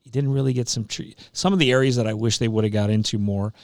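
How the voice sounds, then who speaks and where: A man's voice: medium pitch, steady tone, fast talker, a little mellow, no room sound, clean studio sound. A man co-hosting a podcast, giving emphatic, opinionated views on a movie in casual chat. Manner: opinionated, emphatic, frequent restarts. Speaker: podcast co-host.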